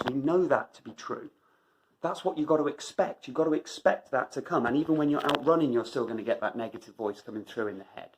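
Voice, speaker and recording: A man's voice: medium pitch, fast talker, slight background noise, low-quality recording. A man delivering an emphatic motivational monologue as a running vlogger, driving points home by repeating phrases.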